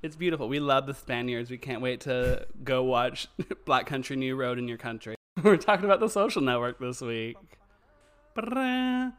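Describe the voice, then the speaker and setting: Young male podcast co-host, campy banter, mid-pitched, laughs a lot. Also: expressive, moderate pace, a bit bright, smooth. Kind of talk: casual chat.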